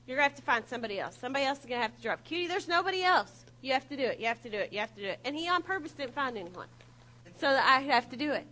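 A woman preaching a humorous sermon, telling stories in an animated, self-mocking way. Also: sits high, rough recording.

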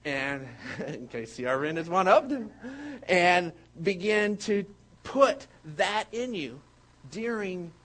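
A high-voiced pastor with a drawl preaching to his congregation. He tells stories in an animated, joking manner, and his light voice sits well above the usual male range. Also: slow pace. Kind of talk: sermon.

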